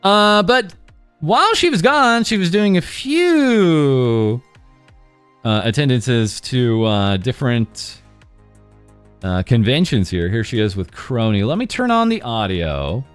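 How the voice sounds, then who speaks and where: A man's voice: mid-range voice, sing-song, takes it slowly, a bit bright, clean tone, no room sound, faint music behind. A man casually commenting over clips as host of a news show, rambling with many uhs. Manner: rambling, full of uhs and laughs.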